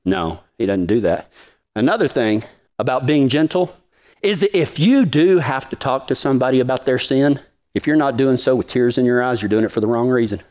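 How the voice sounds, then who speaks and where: Animated folksy preacher man. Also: fairly quick. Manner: folksy, animated, joking with the congregation; swings from low and quiet to high and emphatic. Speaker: preacher of a cowboy ministry. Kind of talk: sermon.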